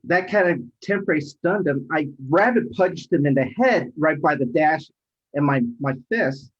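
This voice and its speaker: A middle-aged man, a rideshare driver, telling a story in casual chat, animated and acting out quoted voices. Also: fairly high pitch, moderate pace. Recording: dull lo-fi audio.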